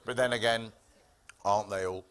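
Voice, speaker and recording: A man's voice: fairly low pitch, steady tone, normal speed. A man doing a stand-up comedy set on a club stage, telling stories in a dry, sardonic way with profane punchlines. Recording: live club with audible room noise.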